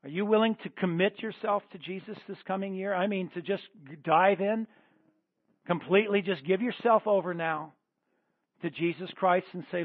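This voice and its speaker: A male pastor preaching a sermon in a church service, leading the congregation into prayer with fervent, repeated calls that swing between loud bursts and hushed pleading. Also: high voice, normal speed, no echo, phone-quality sound. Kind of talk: sermon with altar-call prayer.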